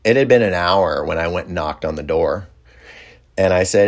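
A man's voice: sits low, normal speed. A man telling a personal story in a casual, reflective way, rambling with fillers and restarts. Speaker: storyteller recounting a personal experience.

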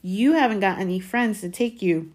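A man's voice: sits high, level tone, moderate pace, darkish tone, natural voice. A woman reading aloud and voicing a spoiled, jeering boy bully who turns whiny and panicky.

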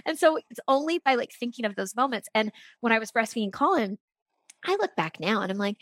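A woman in her thirties, a podcast guest, telling a personal story in an earnest, animated way and often saying "like". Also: on the high side, a little fast, no echo. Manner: earnest and animated, frequent "like" fillers. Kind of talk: candid conversational storytelling.

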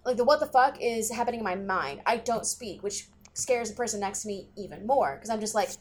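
A woman's voice: medium pitch, a little fast, darkish tone. A young woman co-hosting a podcast, telling stories in casual chat full of fillers and swearing. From grew up in the country. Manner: rambling, swears freely, many fillers. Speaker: podcast co-host.

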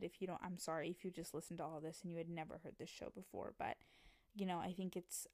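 A young adult woman hosting a podcast, chatting casually and telling stories in an excitable, animated way, acting out quoted voices. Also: fairly low pitch, no echo, clean studio sound. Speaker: podcast host. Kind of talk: casual chat.

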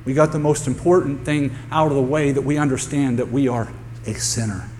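A man preaches a sermon to a congregation in a church sanctuary, using a mid-range, darkish voice with fairly even intonation and a fairly quick pace. He's emphatic and repeats key phrases for effect. The recording has long hall reverb and a faint hum.

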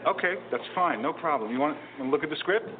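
An actor playing a hesitant, coaxing film director in a comedy film. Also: male voice, a little high, lively intonation, fast talker, close to an everyday voice. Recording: tinny phone-line film audio with hiss.

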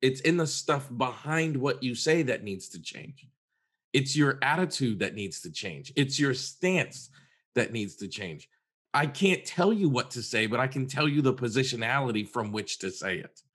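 A man's voice: mid-range voice, expressive, moderate pace, fairly bright tone. Earnest man telling a story. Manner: earnest, emphatic, repeats words for stress. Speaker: therapist and podcast co-host. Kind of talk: conversational storytelling.

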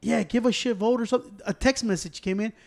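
Man with a high-pitched voice, cursing freely and mixing in Spanish; casual storyteller among friends. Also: fast talker, creaky. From United States. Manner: profane, animated, switches between English and Spanish.

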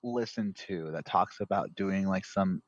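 A man's voice: low-pitched, measured pace. Rambling man with a dull lo-fi sound. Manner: rambling, heavy on filler words and swearing. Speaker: podcast co-host. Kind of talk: casual podcast banter.

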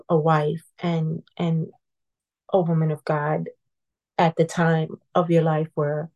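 A woman quoting a kind nun who speaks softly and reassuringly. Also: low-pitched, gravelly, lo-fi sound, heavily acted. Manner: soft, reassuring.

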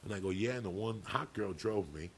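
A man's voice: lowish voice, animated, fairly quick, slight background noise. A man co-hosting a podcast, telling a long story in a casual, profane, rambling way. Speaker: podcast co-host.

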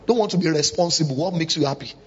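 Man, pastor, sermon, high-pitched, muffled lo-fi sound. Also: quick pace, slight background noise. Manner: emphatic preaching with rhetorical questions. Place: church. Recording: dull lo-fi recording.

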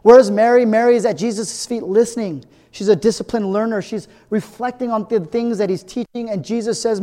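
Earnest preacher in a reverberant hall. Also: male voice, high-pitched, a little fast, few pauses, warm tone. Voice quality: earnest, builds to emphatic repetition. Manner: conversational, frequent tag "right?". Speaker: pastor. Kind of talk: sermon.

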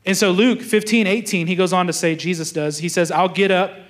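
A man's voice: high voice, fairly quick. A young adult man, a pastor preaching a sermon, telling stories casually and acting out the thoughts of the people in them. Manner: storytelling, acts out quoted thoughts, restarts often.

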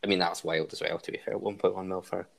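A man with a slightly low voice hosts a laid-back podcast chat. He runs the quiz with upbeat energy. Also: steady tone, quick pace, gravelly. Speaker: podcast host. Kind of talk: casual chat.

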